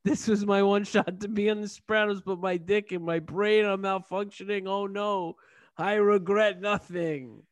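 A man's voice: fairly even intonation, moderate pace, dry recording, lightly acted. A man doing a frantic stroke victim. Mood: panicked. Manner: panicked, raised pitch.

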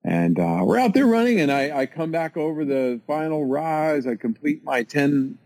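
A man's voice: fairly high pitch, very animated, moderate pace, darkish tone, no room sound, low-quality recording. An American man telling a story in an interview, casual and self-mocking, with lots of fillers and restarts. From United States.

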